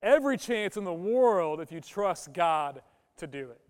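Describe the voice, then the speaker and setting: High-voiced man preaching in a reverberant hall. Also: big pitch swings, a little slow, darkish tone, smooth. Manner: emphatic, rhetorical questions to the congregation. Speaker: pastor. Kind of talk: sermon. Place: church sanctuary.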